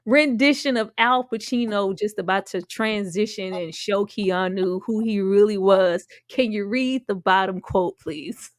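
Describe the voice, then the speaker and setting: A woman hosting a live movie-review stream, bubbly and quick to laugh, greeting viewers by name in casual chat. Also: medium pitch, no echo, studio quality.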